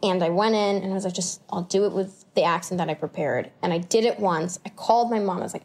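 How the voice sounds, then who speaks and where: A woman in her twenties, an actor as an interview guest, telling stories in a chatty, animated way with lots of fillers and laughs. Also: on the low side, fast, few pauses. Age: 20s. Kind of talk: casual conversational storytelling.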